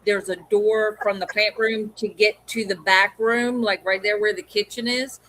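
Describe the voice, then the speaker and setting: A middle-aged woman co-hosts a live stream, spinning a casual story. She acts out the lines of the people in it with a lively delivery, in an ordinary mid-range voice. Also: mid-range voice, moderate pace. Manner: animated, acts out quoted dialogue. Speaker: co-host of a pet hobby live stream.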